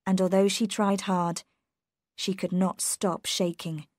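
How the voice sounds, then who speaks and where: A woman narrates a story for English learners, taking her time and reading in a measured, careful way. The recording is close and dry, with no room sound. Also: medium pitch, level tone, a little mellow, dry recording.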